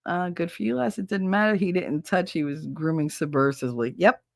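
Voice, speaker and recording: A woman's voice: lowish voice, brisk, creaky, no echo, studio quality. A woman in her thirties, a livestreamer chatting casually with viewers, telling stories with frequent swearing and laughter. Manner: chatty storyteller, swears freely, laughs often.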